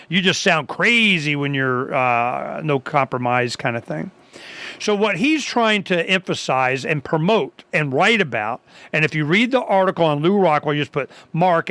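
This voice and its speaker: A man hosting a talk radio show, chatting casually in a rambling way with many restarts and lively acted-out quotes. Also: on the high side, no echo.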